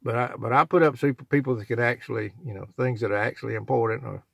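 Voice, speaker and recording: Older guy rambling preachy vlog talk, raspy voice, dry mic. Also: mid-range voice, steady tone, quick pace, no echo. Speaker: channel owner.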